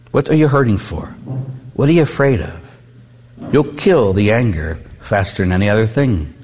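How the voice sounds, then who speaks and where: A man's voice: medium pitch, a little mellow. A middle-aged man, a Catholic priest, preaching a conversational sermon with personal stories and frequent "huh?" asides. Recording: long hall reverb.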